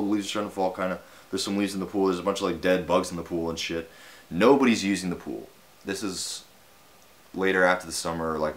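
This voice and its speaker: A young man with a very deep voice tells a story in a loose, meandering way. He leans on fillers and tag questions and drops a casual swear now and then. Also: fairly bright tone. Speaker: vlogger.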